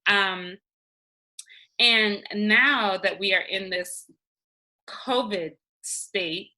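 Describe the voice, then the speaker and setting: A woman speaking as the guest in an interview, talking earnestly and personally about her own experience with frequent pauses and ums. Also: mid-range voice, bright, forceful tone, low-quality recording. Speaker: interview guest, nonprofit founder. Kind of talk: candid conversational interview.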